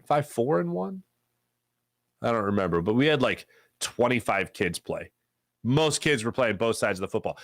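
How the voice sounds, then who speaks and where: A man hosting a live sports talk show, reading viewer chat in a jokey, animated way and greeting chatters with loud excitement. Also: medium pitch, dry recording, studio quality.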